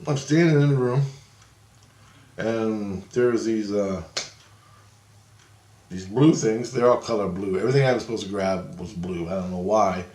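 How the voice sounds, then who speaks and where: Rambling lower-voiced man in echoey room. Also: measured pace, long pauses, a little mellow. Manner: rambling, chuckles often, quotes people in a raised voice. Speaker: storyteller recounting visions. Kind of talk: casual spoken storytelling. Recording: roomy, echoey room sound.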